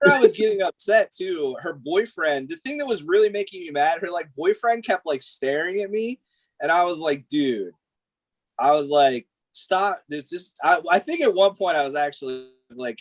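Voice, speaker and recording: Swearing, animated male storyteller on a podcast. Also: sits high, moderate pace, dry recording. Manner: animated storytelling, heavy swearing, frequent "like" and "dude". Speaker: guest tattoo artist. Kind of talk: casual podcast chat.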